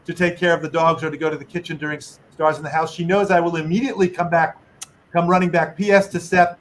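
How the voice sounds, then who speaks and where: A man's voice: fairly high pitch, level tone, fast talker, a little hiss or hum. A middle-aged man, a medical correspondent co-hosting, chatting casually on a video call and reading donations aloud with joking asides.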